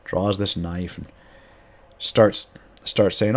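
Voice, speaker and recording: Rambling low-voiced male storyteller. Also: moderate pace. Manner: rambling with frequent restarts. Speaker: game master. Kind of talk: casual storytelling about a tabletop game.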